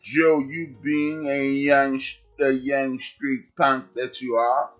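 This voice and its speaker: A man in his forties hosting a sports talk podcast, emphatic and animated with shout-outs. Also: mid-range voice, takes it slowly. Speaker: podcast host. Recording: dull lo-fi sound, faint music.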